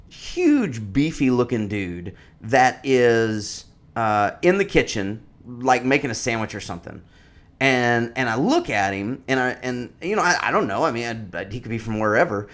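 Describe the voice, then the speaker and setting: A man in his thirties telling a personal story in a casual, rambling way, full of fillers and restarts. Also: mid-range voice. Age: 30s.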